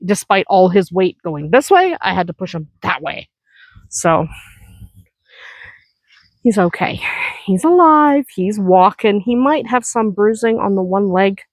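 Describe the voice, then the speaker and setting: A woman's voice: mid-range voice, sing-song, a little slow, pauses often, no room sound. A woman vlogging outdoors on her farm, chatty and reassuring, tired and sore after heavy work. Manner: chatty and reassuring, talking while walking around the farm. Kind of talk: casual vlog chat.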